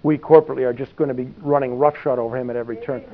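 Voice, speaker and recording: This man talks very fast at a medium pitch with fairly even intonation, preaching a conversational sermon that's folksy and rambling, loaded with asides and frequent "you know." It's captured with a tinny, phone-like sound.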